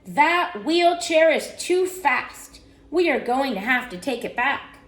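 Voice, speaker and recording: A woman's voice: on the high side, big pitch swings, normal speed, darkish tone. Woman doing a firm storybook father. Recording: roomy echo.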